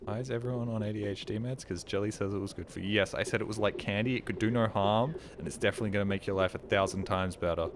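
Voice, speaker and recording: A man's voice: lowish voice, steady tone, fast talker, few pauses, noisy background. A man streaming a game, chatting casually with mumbled, joking asides.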